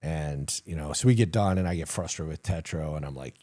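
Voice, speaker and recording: Middle-aged male guest, deep and husky, very expressive delivery, blunt and self-deprecating. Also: fast, hardly any pauses. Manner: animated, acts out quoted dialogue, swears casually, laughs at himself. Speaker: retired command sergeant major, guest. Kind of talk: candid conversational storytelling.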